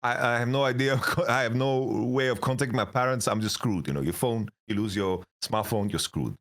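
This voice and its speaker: A man's voice: mid-range voice, a little fast, a bit bright. A young man, an esports coach, telling stories in a casual interview, swearing, laughing often and acting out the voices of people he quotes.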